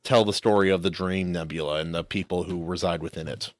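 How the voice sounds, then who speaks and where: A man's voice: sits low, steady tone, a little fast, dry recording. A man from Hawaii hosting a casual interview, laid-back and slangy, calling his guest dude and man. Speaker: host.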